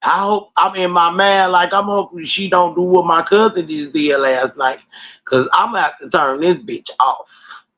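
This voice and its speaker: A man rants into his computer mic during a casual livestream. His voice sits a little high, and he tells his stories in a loose, profane, animated way. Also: moderate pace, low-quality recording. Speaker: livestream host.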